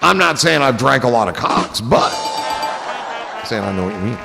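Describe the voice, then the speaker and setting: A man with a gravelly, creaky voice chats loosely on his livestream, wandering from one joke to the next and swearing freely. His voice rings with a long reverb, and soft music plays behind him. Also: medium pitch, lively intonation, unhurried. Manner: rambling, goofy and profane. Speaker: livestream host. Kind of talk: casual livestream chat.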